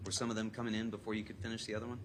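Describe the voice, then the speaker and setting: A man's voice: fairly low pitch, completely flat delivery, rapid-fire. Methodical male attorney questioning a witness. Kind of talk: courtroom examination. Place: courtroom. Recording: noisy courtroom audio.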